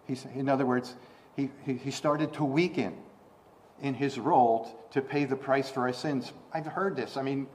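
A man preaching a sermon, reading scripture and explaining it, repeating words and restarting, then rising to loud emphatic bursts on the quoted lines. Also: mid-range voice, fairly even intonation, moderate pace.

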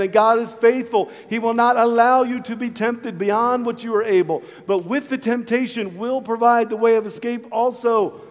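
A middle-aged man preaching a sermon as pastor, earnest, moving from loud calls to hushed, intimate lines. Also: high voice, in a large hall. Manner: acts out voices in a story.

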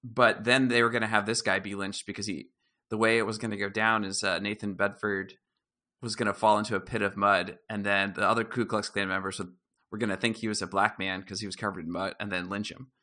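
Briskly and in a lowish voice, a man co-hosts a podcast with casual conversation. He's a relaxed storyteller who laughs without much prompting.

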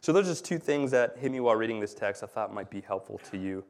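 A man's voice: fairly low pitch, lively intonation, quick pace, a little mellow. A man preaching a sermon in a church, explaining scripture earnestly with touches of light humor. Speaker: pastor.

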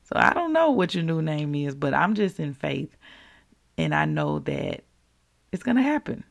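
A woman hosting a podcast, giving a casual, preacherly faith devotional in an animated, folksy way. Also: low voice, moderate pace, gravelly. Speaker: podcast host.

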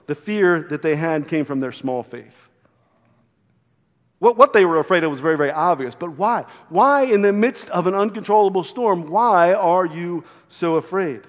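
Male pastor, sermon, storytelling, rhetorical questions, slightly high voice, long hall echo. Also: normal speed. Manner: storytelling, animated, frequent "right?" tag questions. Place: church sanctuary.

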